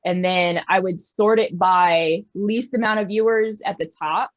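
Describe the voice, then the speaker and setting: A woman streamer chatting casually, telling animated stories and acting out what other people said. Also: mid-range voice, a little slow, dry recording, lo-fi sound. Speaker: streamer guest. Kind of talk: casual chat.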